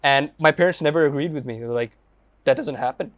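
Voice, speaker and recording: A young man hosting a casual chat, jumping in quickly and laughing along. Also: on the high side, no echo. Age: young adult. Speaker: podcast host.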